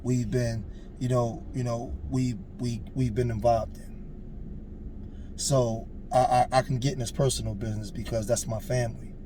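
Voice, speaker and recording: A man's voice: mid-range voice, level tone, measured pace, noisy background. A man in his forties telling a personal story in a casual, earnest way, with emphatic, preachy asides. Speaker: storyteller on a street interview show.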